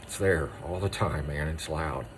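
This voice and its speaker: A man, an Army veteran, gives a raw spoken monologue, hammering short phrases with intensity and often dropping to a hushed voice. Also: a bass voice, unhurried, a little hiss or hum. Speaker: Army veteran speaking on moral injury.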